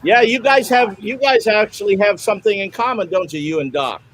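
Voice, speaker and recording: A man co-hosting a talk show in a fairly high voice. He moves the conversation along briskly and brings in guests and topics. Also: a bit bright, poor audio. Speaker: co-host. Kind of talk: casual interview chat.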